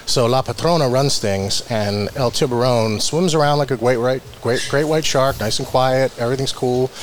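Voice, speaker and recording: A middle-aged man from New Jersey chats as a guest, spinning animated stories and leaping up in pitch whenever he quotes someone. His voice sits in an ordinary middle range. A steady hiss of noise runs under the recording. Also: normal speed. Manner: animated storyteller, acts out quotes with big pitch jumps. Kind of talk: casual interview chat. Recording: noisy room recording.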